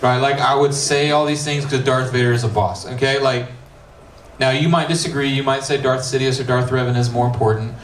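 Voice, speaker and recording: A man's voice: mid-range voice, fairly even intonation, fairly quick. A man with an American accent, a middle school pastor preaching a casual youth sermon, reading scripture and joking with slangy asides. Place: church youth room. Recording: roomy, distant, faint hiss.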